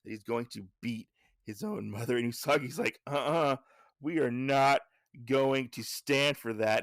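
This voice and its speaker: Brief: casual podcast host, rambling recap, gravelly voice, dry close mic. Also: male voice, medium pitch, a bit bright, no echo. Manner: rambling, with fillers and self-corrections.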